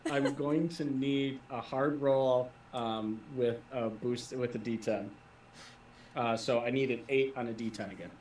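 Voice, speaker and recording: A man's voice: medium pitch, steady tone, measured pace, darkish tone, slight background noise. Game master man in an echoey room. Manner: describes scenes, asks players for rolls. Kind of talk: narrating a tabletop role-playing game. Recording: echoey room, voice from a distant mic.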